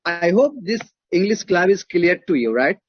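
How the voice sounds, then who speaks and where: Husky high-voiced Indian man lecturing. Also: very animated, moderate pace, no room sound, muffled recording. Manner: emphatic, repeats points and checks in with "right?". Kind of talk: classroom lecture.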